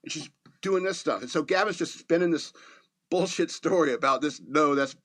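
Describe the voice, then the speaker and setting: A man's voice: fairly high pitch, brisk, a bit bright. A man in his fifties hosting a podcast, rambling through a casual story with chuckles and fillers. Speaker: podcast host.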